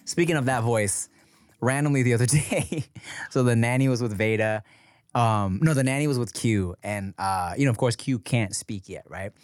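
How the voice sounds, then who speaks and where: A man's voice: medium pitch, normal speed, a little mellow, dry recording, soft background music. A man co-hosting a podcast, telling stories in a rambling, laughing, salty way. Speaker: podcast co-host. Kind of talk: casual comedic chat. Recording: dry close studio mic.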